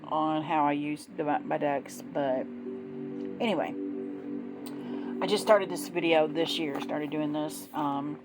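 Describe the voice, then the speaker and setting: Slow, low-voiced woman chatting. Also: fairly even intonation, over music, low-quality recording. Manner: chatty, gushing, rambling. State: yawning, sleepy. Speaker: tarot deck reviewer. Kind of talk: casual vlog chat.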